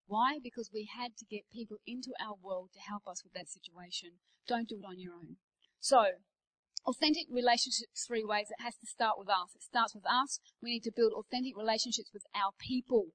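A woman in her forties giving a conversational sermon to church leaders, telling personal stories, moving between hushed asides and emphatic declarations. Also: fairly high pitch, brisk, poor audio. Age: 40s. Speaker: pastor speaking at a leadership day.

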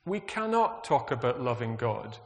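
A man's voice: medium pitch, big pitch swings, normal speed. A man preaching a sermon, earnest and reflective, asking the congregation questions. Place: church. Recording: long hall reverb.

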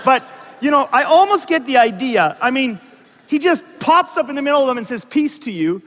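An extremely high-pitched male voice, fairly quick, fills a big room as this pastor preaches. He brings his sermon to life with stories, asides, and questions for the congregation.

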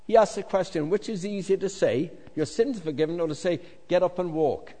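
Male pastor, fairly high voice, animated preaching in a big echoing hall. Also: brisk. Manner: animated, jokey asides, swings from loud to hushed. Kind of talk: sermon. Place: large hall with congregation. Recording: long reverb of a large hall.

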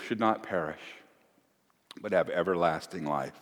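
A middle-aged man preaching a sermon, telling a family story and acting out the quotes in lively voices. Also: mid-range voice, unhurried. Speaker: pastor. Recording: long hall reverb.

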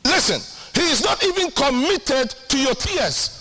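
High, bright-voiced animated preacher man. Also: unhurried. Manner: animated, emphatic preaching with repeated lines; humorous asides acting out his own prayers. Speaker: pastor. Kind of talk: sermon.

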